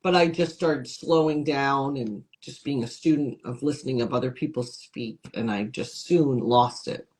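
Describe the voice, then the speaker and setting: A woman's voice: a bass voice, moderate pace, few pauses. A woman from upstate New York, a comedian and TV host, chatting as an interview guest and acting out the voices of people in her stories. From Syracuse, New York. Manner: lively storyteller, acts out quoted voices. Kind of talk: casual interview chat.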